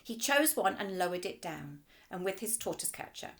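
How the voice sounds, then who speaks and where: A female teacher reading a children's storybook aloud in an expressive, lively way. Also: mid-range voice, normal speed.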